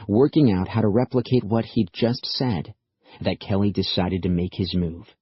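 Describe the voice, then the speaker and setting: A man narrating an audiobook in steady, measured storytelling, in a dry, slightly dull recording. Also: on the low side, breathy edge, dry recording. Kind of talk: scripted narration.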